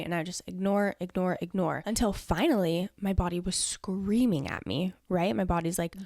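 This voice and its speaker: A young woman hosts her own podcast and answers listener questions in an easygoing solo chat. Her voice carries a steady vocal fry, and she leans on "like" and "you know" as she talks. The sound is close and dry, with no room around it. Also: on the low side, moderate pace, hardly any pauses, no room sound. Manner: chatty, earnest, peppered with "like" and "you know". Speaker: podcast host.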